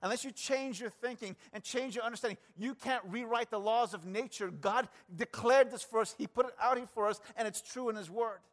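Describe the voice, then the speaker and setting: A man preaching a sermon in an earnest, conversational way, often turning to address the congregation directly and swinging between quiet, low passages and raised emphasis. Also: a little fast, hardly any pauses. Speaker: pastor.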